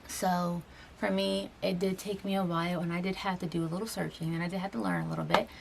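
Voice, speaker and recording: A woman's voice: lowish voice, fairly even intonation, fast, vocal fry. A young woman in her twenties talking to camera in a personal vlog, earnest and rambling, with lots of fillers and restarts, tearful as she speaks. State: tearful, getting emotional. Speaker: vlogger. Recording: faint background noise.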